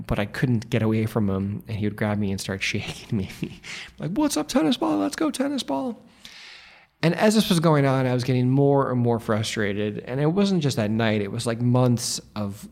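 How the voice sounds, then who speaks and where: A man in his twenties telling a wry personal story on stage, rambling with "like". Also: lowish voice. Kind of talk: live storytelling.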